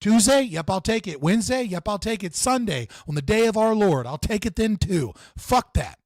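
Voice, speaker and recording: A man's voice: high voice, sing-song, normal speed, no room sound, clean studio sound. A man hosting a live stream, ranting in a heated, profane way and repeating himself for emphasis. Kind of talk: livestream political rant.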